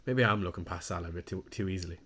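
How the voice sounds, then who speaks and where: A young fantasy football streamer chats casually on a live stream, reading viewer comments aloud and teasing himself about his mistakes. His voice sits low and a bit bright, and he talks at a racing pace.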